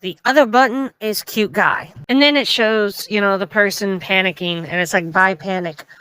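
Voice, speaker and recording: Bright, chatty woman reacting to memes. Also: mid-range voice, clean tone, rough recording. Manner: chatty, opinionated, reads memes aloud in quick voices. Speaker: meme reaction host. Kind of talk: casual meme reaction commentary.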